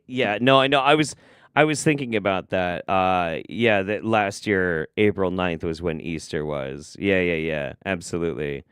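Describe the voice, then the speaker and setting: A man's voice: sits low, measured pace, a bit bright, clean tone, no room sound, clean studio sound. A man hosting a live stream, reacting to clips with incredulous, profane, sarcastic commentary.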